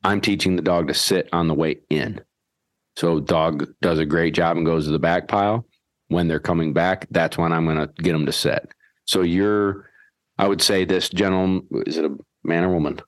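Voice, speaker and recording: Deep-voiced guy breaking down dog training, folksy and animated, dry close mic. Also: normal speed, no echo. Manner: folksy, animated, acts out whistle commands. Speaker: podcast host and dog trainer. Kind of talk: casual instructional chat.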